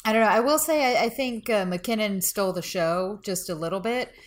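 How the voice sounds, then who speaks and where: Female podcast reviewer, mid voice, measured and a bit unsure. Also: mid-range voice. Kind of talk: casual film review chat.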